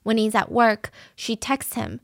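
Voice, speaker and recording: A woman's voice: a little high, fairly even intonation, unhurried, creaky, no echo, studio quality. Earnest woman telling a true crime story. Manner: earnest, emotionally moved, conversational.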